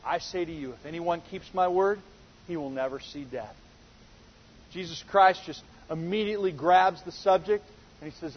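Preacher, male, high husky voice, earnest and emphatic, dull lo-fi sound. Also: normal speed. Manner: earnest, building to emphatic quoted exchanges. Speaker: pastor. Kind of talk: sermon.

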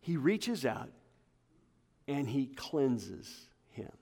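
Passionate preacher in a reverberant church. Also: male voice, big pitch swings, very slow, dark tone, slightly rough. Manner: passionate, rising to emphatic peaks then dropping low. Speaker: pastor. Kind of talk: sermon. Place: church hall with congregation. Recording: long hall reverb.

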